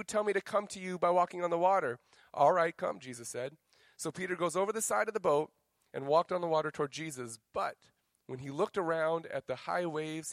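Energetic joking male pastor. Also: on the high side, no room sound. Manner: energetic, joking, swings to quiet storytelling. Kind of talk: sermon.

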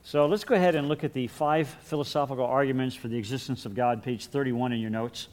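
A man's voice: medium pitch, fairly even intonation, fast talker, a little mellow. A man teaching a Bible class in a conversational lecture, with repeated words and light chuckles.

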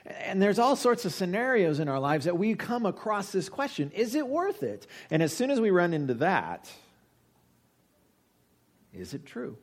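A man in his forties, a pastor, preaching a conversational sermon that swings between loud emphasis and quiet asides. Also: sits high, big pitch swings, normal speed.

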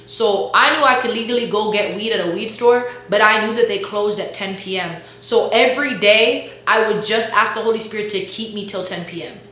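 Young woman, bright voice, slangy chatty testimony, very echoey room, faint hum. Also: medium pitch, a little fast, hardly any pauses. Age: young adult. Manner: slangy, chatty, full of "like" and "bro". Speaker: college student sharing a faith testimony. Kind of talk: casual testimony storytelling.

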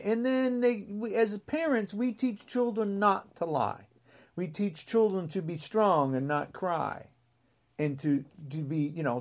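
A woman's voice: a little high, darkish tone. A woman in her sixties hosting her own podcast, ranting in a mocking, scornful way. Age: 60s. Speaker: podcast host. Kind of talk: ranting solo podcast monologue.

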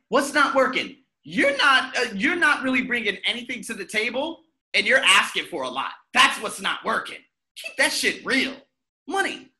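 A self-help podcast host with a high, sharp-toned voice talks bluntly and swears a lot. In a candid motivational monologue, he poses questions to himself and then answers them.

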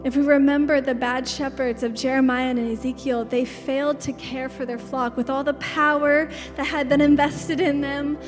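A woman's voice: high-pitched, level tone, normal speed, hardly any pauses, music in the background. A woman in her thirties preaching a sermon, chatty and storytelling, often laughing as she talks. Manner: chatty storytelling, laughs often, drops to a whisper in tender moments. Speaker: pastor. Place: large church hall. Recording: long hall reverb.

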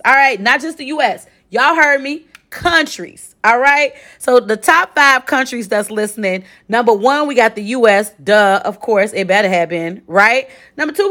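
A woman in her forties from Chicago hosting her own podcast, talking casually and animatedly to listeners, often checking in with "okay?". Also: high-pitched. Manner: chatty, animated, lots of direct address and 'okay?'. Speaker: podcast host. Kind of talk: casual solo podcast recap.

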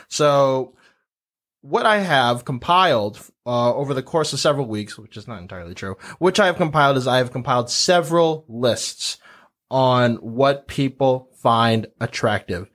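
A man's voice: mid-range voice, normal speed. A man from the Boston area hosting a casual panel chat, telling stories and acting out quotes. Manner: animated storyteller, acts out quotes. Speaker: podcast host.

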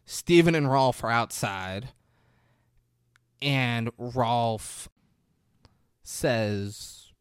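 Animated man recapping a film, dry sound. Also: very slow, long pauses, smooth, no echo. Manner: animated retelling, bursting into loud high voices for quoted characters, laughs often. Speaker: podcast co-host recapping a film. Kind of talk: casual chat.

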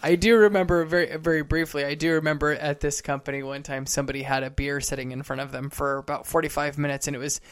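A man co-hosting a casual podcast, with a voice a little higher than most men's. He cuts in with quick, wry remarks and tells his own stories in a relaxed, conversational way. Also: clean tone. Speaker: podcast co-host. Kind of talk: casual chat.

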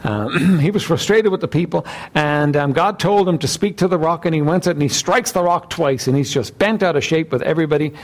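High-voiced preacher clearing his throat. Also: a little fast. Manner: frequent throat clearing, conversational asides to the congregation. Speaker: pastor. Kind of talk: sermon.

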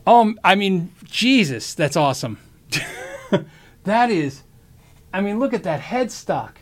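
A man with a strikingly high voice hosts his own loose livestream, speaking slowly. He's excitable, stammers and keeps cutting off his sentences to start them over.

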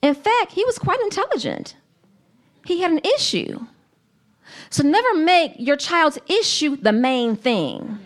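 Woman preacher, pretty high voice, earnest and emphatic, slow deliberate sermon. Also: sing-song.

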